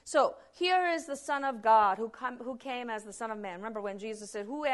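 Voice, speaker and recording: A woman preaching a sermon with a fairly high voice. Her delivery is animated and emphatic, with frequent restarts. She acts out quotes as she explains. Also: brisk.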